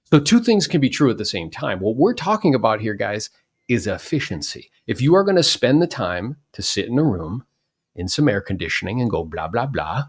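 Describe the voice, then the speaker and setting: Animated man hosting a podcast. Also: fairly low pitch, a little fast, husky. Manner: animated, acts out quoted people. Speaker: podcast host, real estate agent. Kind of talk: casual podcast chat.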